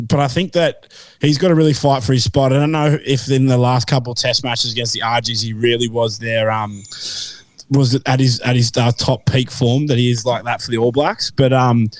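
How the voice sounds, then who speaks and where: A man on a sports podcast panel giving his opinion slowly and hesitantly, with many pauses and ums. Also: mid-range voice, dry recording. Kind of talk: casual sports chat.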